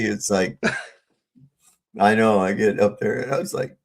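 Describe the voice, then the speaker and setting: A man on a video-call livestream, telling stories with lots of swearing and laughter, getting loud when he retells arguments. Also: mid-range voice, measured pace, creaky, pauses often, slightly rough. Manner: profane, storytelling, laughs often, gets heated retelling run-ins. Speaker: panel co-host. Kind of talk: casual livestream chat.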